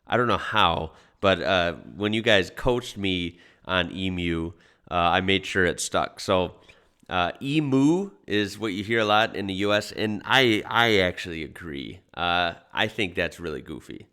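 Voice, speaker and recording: Low-voiced easygoing man reacting on camera. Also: measured pace, bright, forceful tone, smooth. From United States. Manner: easygoing, chatty, many fillers. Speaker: reaction video host. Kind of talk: casual reaction commentary.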